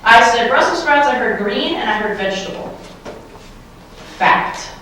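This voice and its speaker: This keynote speaker's voice sits a little high, animated and brisk with a fairly bright tone. She motivates a live audience in a large hall playfully, constantly quizzing the crowd. A distant pickup of her handheld mic makes the room very echoey, with slight background noise.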